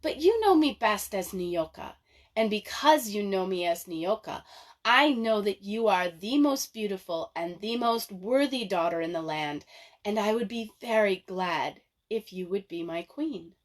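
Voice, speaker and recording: A woman voicing a calm, solemn young king in a storytelling. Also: medium pitch, unhurried, close to an everyday voice.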